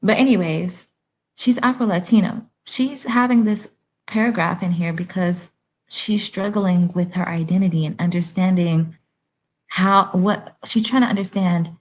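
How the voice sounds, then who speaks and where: A woman's voice: on the low side, measured pace. A woman from Haiti hosting a live stream. She gives blunt, sassy commentary and fires off rhetorical questions. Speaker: livestream commentator.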